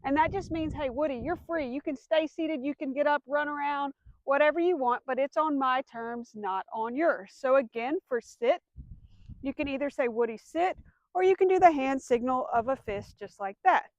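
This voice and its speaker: A woman's voice: high-pitched, moderate pace, dry recording. A woman dog trainer explaining commands step by step, giving firm cues to a dog. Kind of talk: instructional demonstration.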